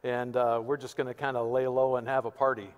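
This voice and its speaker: A man's voice: mid-range voice, little pitch movement, brisk, highs cut off, a little hiss or hum. A male pastor giving casual, joking announcements before his sermon, with many fillers, in a reverberant church sanctuary.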